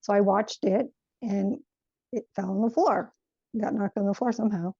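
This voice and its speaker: A woman recounting a spiritual experience from her childhood in an earnest, reflective way, often pausing to search for words. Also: medium pitch, steady tone, gravelly, dark tone, breathy edge, no room sound, dull audio. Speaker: guest sharing a spiritual experience. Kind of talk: personal storytelling.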